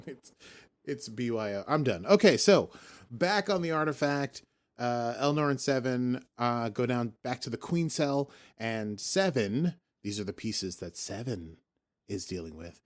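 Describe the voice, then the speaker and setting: A man's voice: mid-range voice, expressive, unhurried. A man hosting a podcast in casual chat, rambling and jokey, often breaking off and restarting his sentences. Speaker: podcast host.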